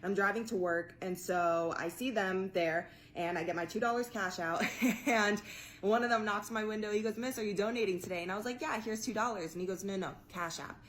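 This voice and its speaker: A woman telling a personal story to camera in an animated, profane way, laughing along as she goes. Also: mid-range voice, brisk, a little hiss or hum. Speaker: guest storyteller.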